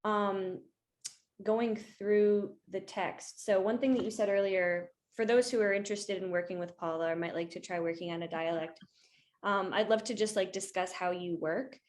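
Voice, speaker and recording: A woman's voice: mid-range voice, steady tone, normal speed. A young adult woman, an actor, interviewing her coach in an enthusiastic, casual way with many fillers, over a video call.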